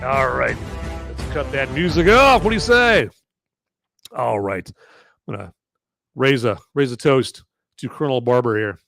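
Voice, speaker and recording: A man's voice: mid-range voice, animated, a little slow, creaky, long pauses, a bit bright, no room sound, faint music behind. A man hosting a live-stream movie review podcast, talking casually and rambling with lots of fillers and restarts. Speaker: podcast host.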